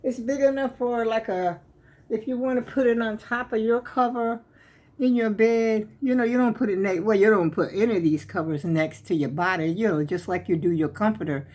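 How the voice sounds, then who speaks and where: A woman's voice: fairly high pitch, fairly even intonation, moderate pace, a little mellow. An older woman, chatting casually and rambling folksy to her viewers at home while a little out of breath. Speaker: vlogger showing her crochet. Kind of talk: casual chat to camera.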